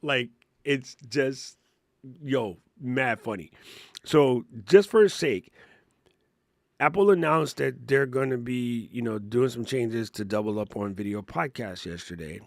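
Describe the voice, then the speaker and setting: A man's voice: medium pitch, animated, slow pace, gravelly, dry recording, clean studio sound. A middle-aged man co-hosting a podcast, chatting casually and laughing as he explains things step by step. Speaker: podcast co-host. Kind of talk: casual tech and creator chat.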